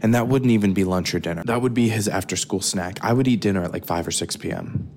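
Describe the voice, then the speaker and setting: A man's voice: sits low, quick pace, slight background noise. An American young man hosting a podcast, rambling and joking with lots of swearing while snacking in his kitchen at night, recorded on a phone. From United States. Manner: profane, jokey, talks quietly with sudden loud bursts. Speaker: podcast host.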